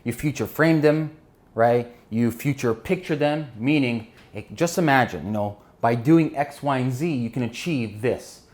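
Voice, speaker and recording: A man giving an energetic business lesson while drawing on a board, often checking in with his listeners. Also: medium pitch, unhurried. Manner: energetic, keeps checking in with "right?" and "okay?". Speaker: business instructor.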